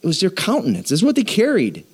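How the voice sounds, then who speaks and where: A man preaching to his church congregation, joking with them and prompting them to call back, moving between quiet asides and loud emphatic lines. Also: sits high, wildly swooping pitch, fast talker, husky. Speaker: pastor. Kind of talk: sermon.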